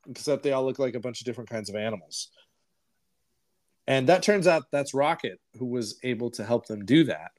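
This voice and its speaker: A man co-hosting a podcast, recapping a film in a rambling, profane, animated way. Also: mid-range voice. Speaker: podcast co-host. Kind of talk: casual movie review chat.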